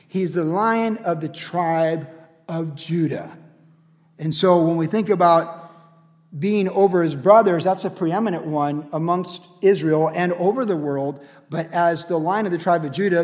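A male pastor with a notably high voice delivers a lively, casual sermon. He leans on repeated refrains and builds energy as he goes. The sound carries a long, church-like reverb. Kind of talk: radio sermon.

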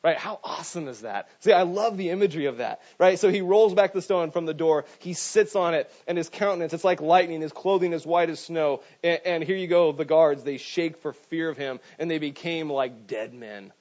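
Animated male preacher, lo-fi sound. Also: fairly high pitch, normal speed, few pauses. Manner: animated storytelling with frequent "right?" asides. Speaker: pastor. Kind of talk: sermon. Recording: dull lo-fi sound.

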